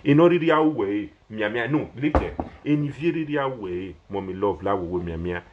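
A man's voice: lowish voice, expressive, moderate pace, highs cut off, slight background noise. A young man with a Nigerian Pidgin English accent, talking casually on a live video and pleading with listeners in a rambling, repetitive way. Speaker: social media personality.

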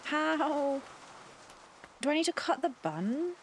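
A woman's voice: sits high, sing-song, takes it slowly, a little hiss or hum. Flustered woman gaming host. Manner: flustered, chatty, talks to game characters. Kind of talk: let's play commentary.

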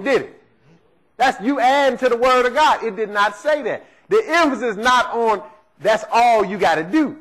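A man's voice: very high voice, sing-song, normal speed, a bit bright, low-quality recording. A man preaching a sermon, emphatic and leaning on rhetorical questions to the congregation.

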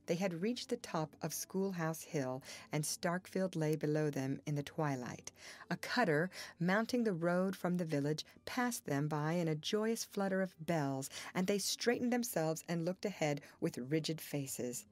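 Woman, audiobook narrator, low-pitched voice, measured even reading, scripted narration.

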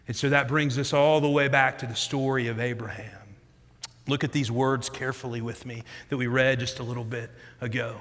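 A man in his thirties preaching a sermon as a pastor, telling stories in an animated way that moves between loud emphasis and quiet reflection. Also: mid-range voice, fairly quick. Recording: long hall reverb.

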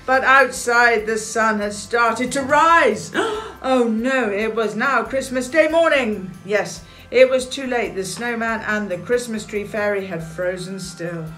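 Expressive woman reading a children's story. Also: a little high, unhurried, roomy sound. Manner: animated, expressive, gasps and asides. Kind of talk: reading a children's picture book aloud.

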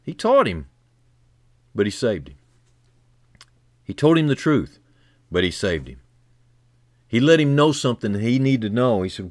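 A man preaching a sermon who builds from quiet, low passages to loud, fervent climaxes and repeats key phrases for emphasis. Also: very animated, a little slow, pauses often, no room sound, clean studio sound.

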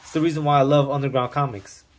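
Dude hyped on a diy comic, cussing a lot, super casual slang, normal pitch. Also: male voice, fairly even intonation, quick pace, a little hiss or hum. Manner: enthusiastic, slangy and profane. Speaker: comic book reviewer. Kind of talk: casual video review.

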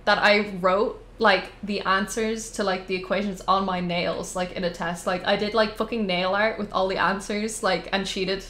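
A woman's voice: mid-range voice, steady tone, normal speed, few pauses, fairly bright tone, a little hiss or hum. A young woman streaming a survival game with a friend, chatting casually, giggly and rambling. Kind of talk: casual gameplay chat.

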